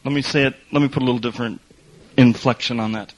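A man preaching a sermon, telling a lively story with laughs and then reading scripture slowly and quietly. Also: medium pitch, rough recording.

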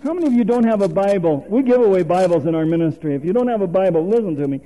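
High-voiced folksy male preacher. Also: expressive, rapid-fire, mellow, rough recording. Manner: folksy and conversational, quizzes the congregation; chuckles often while preaching. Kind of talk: sermon.

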